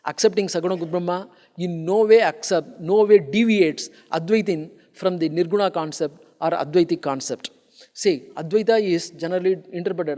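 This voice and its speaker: A man whose voice sits high with a darkish tone gives a philosophy lecture at a conference, explaining and emphasizing ideas. He frequently restarts and repeats phrases, and the hall adds long reverb.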